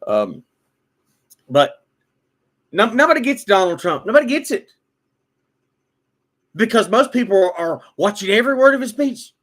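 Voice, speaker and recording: A man's voice: high voice, very animated, normal speed, pauses often, a bit bright. A man giving an opinionated political monologue, repeating words and restarting often, then building to emphatic bursts. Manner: repetitive stammering restarts, rising to emphatic outbursts.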